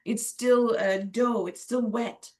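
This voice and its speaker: Stern male spiritual teacher, intense and scolding, voiced by a woman retelling, fairly high pitch. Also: slow, reverberant. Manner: intense, scolding, then calming.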